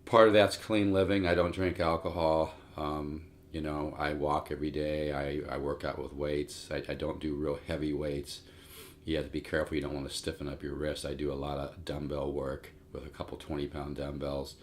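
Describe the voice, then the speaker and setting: In an extremely low, flat voice at a moderate pace, a sixty-something man teaches guitar casually, rambling, repeating words and speaking to his "folks." Acoustic guitar sounds behind him, along with a little hiss or hum.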